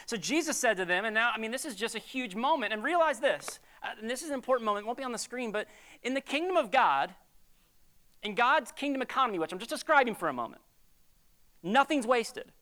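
A woman preaching a sermon in a conversational, animated way, with jokey asides. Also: on the high side, quick pace.

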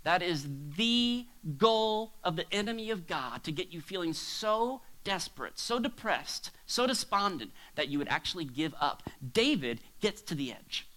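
A male pastor preaching a sermon to a congregation, swinging between hushed asides and near shouts. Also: high voice, animated, normal speed, hardly any pauses, low-quality recording. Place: church hall with a congregation.

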